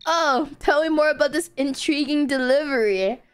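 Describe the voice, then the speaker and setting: A woman's voice: sits high, normal speed, natural voice. A text-to-speech voice playing a wary elderly grandmother in a game, prim, old-fashioned and politely refusing. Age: older. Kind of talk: game character dialogue.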